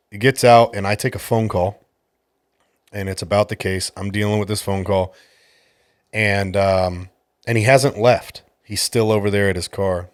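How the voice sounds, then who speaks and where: Low-voiced profane man telling a story. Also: dry recording, clean studio sound. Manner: profane, exasperated retelling. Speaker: podcast host and jiu-jitsu gym coach. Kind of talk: casual storytelling.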